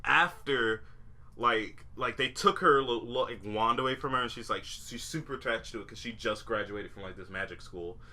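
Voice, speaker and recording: A man's voice: mid-range voice, moderate pace, bright, forceful tone. A young man co-hosting a podcast, chatting casually and rambling with lots of fillers, restarts and swearing. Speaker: podcast co-host. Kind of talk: casual chat.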